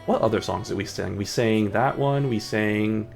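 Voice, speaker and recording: A young man with a lowish, gravelly voice chats his way through a driving game on stream. He rambles loosely, teases himself, and keeps the talk casual, with soft music playing faintly behind him. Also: moderate pace. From United States. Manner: rambling, self-mocking, breaks into sung snippets. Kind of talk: casual gameplay commentary.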